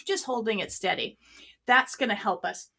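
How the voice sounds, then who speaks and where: A woman with a slightly high voice teaches an online clarinet workshop. She explains breathing and tone in a friendly, practical way. She demonstrates as she talks, sitting a few feet from her microphone. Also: moderate pace, pushed and bright. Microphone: a few feet from the mic.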